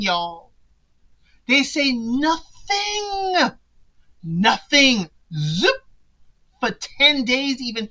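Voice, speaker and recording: A woman's voice: mid-range voice, sharp tone, rough recording. A woman hosting a podcast, recapping a show in casual, chatty commentary and talking straight to her listeners with teasing asides. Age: adult parent of sons.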